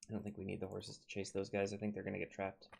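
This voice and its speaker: Gravelly Minnesotan man playing a game. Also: low-pitched, monotone, quick pace, a little mellow. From Minnesota, United States. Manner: chatty, talks to his units, chuckles often. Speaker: let's play host. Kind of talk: casual gameplay commentary.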